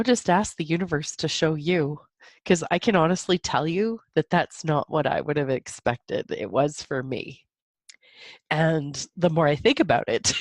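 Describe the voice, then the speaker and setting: A woman's voice: deep voice, dry recording. A woman hosting a podcast, talking alone in a reflective, emotional way, laughing between thoughts, teary and a little stuffy-nosed. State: stuffy nose. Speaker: podcast host. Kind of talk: reflective solo podcast monologue.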